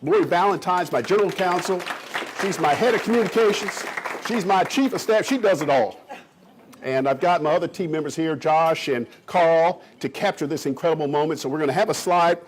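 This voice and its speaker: A man's voice: a little high, brisk, a little hiss or hum. A man in his fifties from Kentucky, giving an enthusiastic, joking speech to a room of realtors as a county economic development official. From Kentucky, USA. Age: 50s. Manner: enthusiastic, jokey storyteller who riffs off the crowd. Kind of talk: energetic speech to a live audience.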